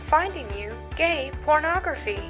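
A woman voicing a snarky smart-speaker assistant in a comedy skit, polite and deadpan. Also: sits high, normal speed, faint music behind.

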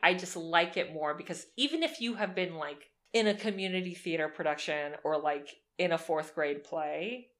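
A woman co-hosting a podcast in casual chat, excitable and swearing freely. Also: on the low side, normal speed, hardly any pauses. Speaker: podcast co-host.

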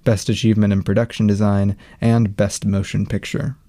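Young man, podcast co-host, low pitch, jokey rambling chat. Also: level tone, normal speed, warm tone. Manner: jokey, rambling, repeats himself. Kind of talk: casual film review chat.

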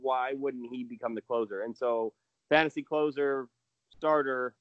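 A man's voice: mid-range voice, steady tone, measured pace, dry recording. Enthusiastic man on dull dry audio. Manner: enthusiastic, rambling with restarts. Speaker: prospect analyst guest. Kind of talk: casual podcast chat.

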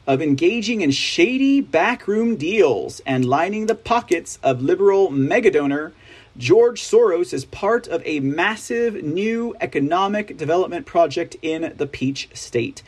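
A man's voice: high voice, slightly rough. A man from Texas with a Texan drawl, hosting a news commentary show, reading stories aloud with sarcastic, rambling asides and constant "right?" tags.

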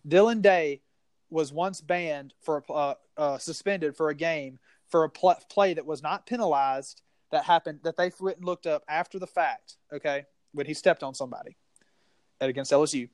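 A man's voice: a little high, moderate pace, no room sound. A man with a Southern US accent co-hosting a casual sports podcast, rambling and heated with many restarts.

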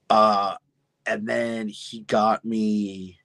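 Man, young adult, podcast guest, husky, lowish voice, dry close sound, animated self-mocking storyteller. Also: normal speed, dry recording. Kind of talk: casual interview chat.

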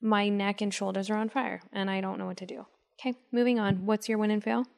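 A woman co-hosting a podcast in casual chat, talking in quick, chatty asides with lots of "like". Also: medium pitch, fairly even intonation, creaky. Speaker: podcast co-host.

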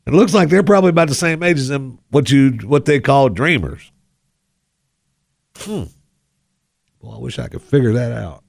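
A man's voice: mid-range voice, lively intonation, moderate pace, gravelly, pauses often, no room sound, studio quality. A man hosting a talk radio show into a headset mic, speaking in a put-on folksy drawl with a wry, sarcastic tone. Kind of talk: casual talk radio monologue. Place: radio studio.

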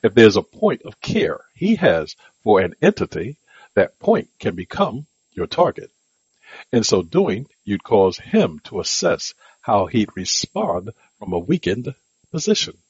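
Husky man reading negotiation lessons. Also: fairly low pitch, no echo. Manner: measured, advisory delivery of headed sections. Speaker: negotiation instructor. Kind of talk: scripted instructional narration. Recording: dull lo-fi dry recording.

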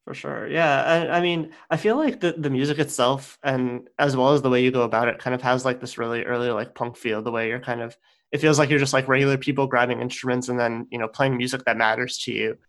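A man interviewing a band, asking his question in an eager, loud voice. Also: mid-range voice, steady tone, fast talker.

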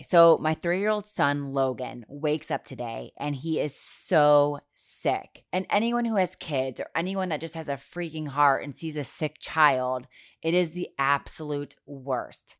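A woman's voice: sits low, a bit bright, no room sound, studio quality. A woman in her thirties hosting a podcast in casual chat, chatty and self-deprecating, swearing casually. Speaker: podcast host.

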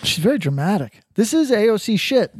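A man's voice: sits high, big pitch swings, a little fast, breathy edge, dry recording, studio quality. A man co-hosting a podcast, throwing in wry, sarcastic remarks about a story being read aloud. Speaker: podcast co-host. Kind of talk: casual comedic banter.

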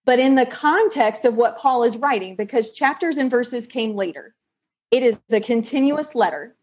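A woman's voice: on the high side, moderate pace, a little mellow. A woman guest on a faith-based leadership podcast, talking in emphatic, preacher-like bursts.

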